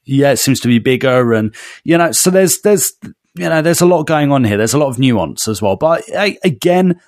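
A man's voice: medium pitch, animated, moderate pace, darkish tone, no room sound, clean studio sound. A man co-hosting a podcast, chatting casually, calling his co-host mate and laughing often. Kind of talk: casual chat.

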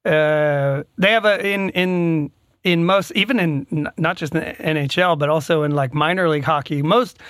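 A man's voice: fairly high pitch, a bit bright, dry recording, studio quality. A man co-hosting a podcast in casual chat who often stammers and restarts his sentences. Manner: stammers and restarts, quick laugh. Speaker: podcast co-host.

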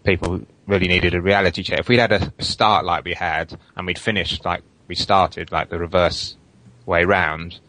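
A deep-voiced man giving his view as a football fan, in a flat, even delivery with lots of "you know"s. The sound is dry, with no room echo. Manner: measured, hedging, many fillers. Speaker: podcast guest, football fan. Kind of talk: casual football chat.

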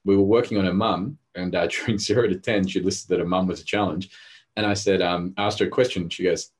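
A man with a very low, husky voice who talks quickly and intensely. He tells stories in a casual podcast chat and acts out the people in them. His delivery is driven and animated. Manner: intense, storytelling, acts out quotes. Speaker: therapist and coach.

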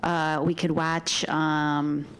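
A woman putting on a broad upstate New York accent to play a friendly small-town woman, with drawn-out vowels. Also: low-pitched, level tone, smooth. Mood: folksy.

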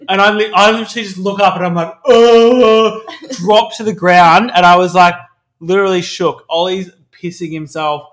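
A man co-hosting a podcast, telling a story in quick, chatty casual talk with swearing. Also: sits high, fairly even intonation, fairly bright tone. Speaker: podcast co-host. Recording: echoey room.

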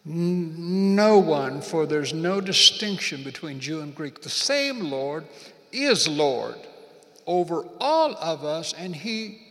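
A man's voice: on the high side, animated, slow, fairly bright tone, in a large hall. A man preaching and praying at a church service, fervent, repeating phrases and leading the congregation to say lines back. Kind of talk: prayer and sermon.

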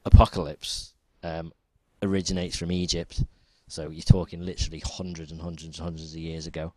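A man's voice: low-pitched, a little fast, no echo. A man co-hosting a podcast, chatting casually and rambling with frequent ums. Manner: relaxed, rambling with many ums. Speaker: podcast co-host. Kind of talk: casual chat.

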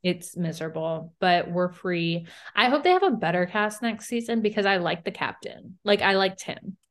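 A woman's voice: on the low side, animated. A young woman co-hosting a podcast, chatting casually about reality TV in a blunt way, with frequent swearing. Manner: blunt, swearing, quick asides. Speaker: podcast co-host.

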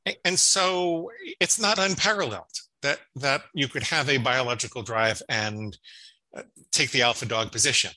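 In a rough recording, this man in his fifties speaks at normal speed with a mid-range voice that sounds pushed and bright. He's a psychologist being interviewed, telling explanatory stories and often starting his words over.

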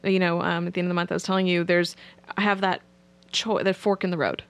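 A woman's voice: on the low side, little pitch movement, fast talker. A woman psychotherapist, a podcast guest, candidly telling a story about her clients. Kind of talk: podcast interview.

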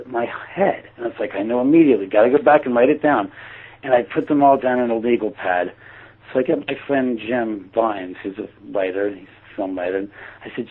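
A man casually telling a personal story, acting out his own quoted thoughts with lively shifts. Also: medium pitch, slightly rough. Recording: tinny phone-like line.

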